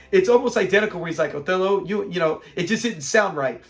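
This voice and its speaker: A man's voice: high voice, a little fast, vocal fry, faint music behind. A middle-aged man casually reviewing a sitcom episode, retelling scenes with laughter. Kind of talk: casual commentary.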